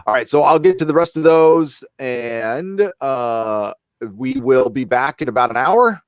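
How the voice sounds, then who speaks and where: A man's voice: medium pitch, expressive, unhurried, clean tone. A man hosting a live stream from his home desk, talking in a blunt, fired-up way to rally his viewers. His voice sits in the middle of the male range, and the sound is close and completely dry, with no room echo. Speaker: livestream host. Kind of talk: casual live-stream chat.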